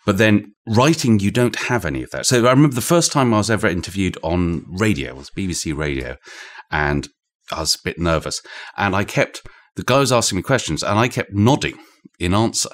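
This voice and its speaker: A British man, an author being interviewed, speaks in a low, expressive voice at a fairly quick clip. He explains his ideas conversationally, thoughtfully and digressively, often restarting his sentences. The recording was made indoors in a room he shares with the host.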